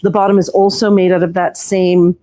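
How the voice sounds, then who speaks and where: A woman co-hosting a live sale, describing products in a relaxed, unhurried way. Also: on the low side. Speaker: co-host showing products. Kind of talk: casual product showcase.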